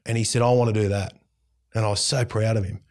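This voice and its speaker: A middle-aged Australian man, a radio host, telling a family story in casual conversation, animated and intense, acting out bits of dialogue. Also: fairly low pitch, fast talker. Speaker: radio host, interview guest.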